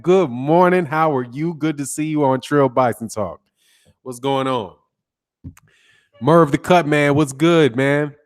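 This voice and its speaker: A young man hosts a morning boxing live stream, calling out viewers one by one in an easy, laid-back drawl. He caps nearly every sentence with "man." His voice sits higher than most men's. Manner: laid-back, says "man" constantly, shouting out names. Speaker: boxing YouTube host. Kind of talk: casual live-stream chat greeting viewers.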